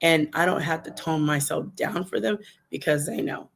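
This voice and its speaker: A woman hosting a faith podcast livestream, talking in an animated, emphatic way and speaking to viewers in the chat. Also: low-pitched, normal speed, creaky. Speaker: podcast host. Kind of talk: casual devotional livestream talk.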